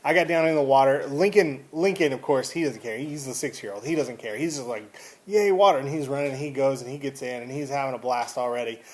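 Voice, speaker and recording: A man with a Texan accent casually telling a story to camera, rambling and animated, with frequent restarts. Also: mid-range voice, fast talker, hardly any pauses. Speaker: vlogger.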